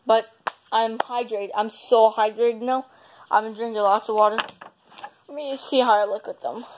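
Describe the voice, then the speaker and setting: A woman's voice: on the high side, steady tone, moderate pace, a little hiss or hum, low-quality recording. A woman chatting casually on her vlog, rambling and repeating herself as she shows off her belongings. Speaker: vlogger.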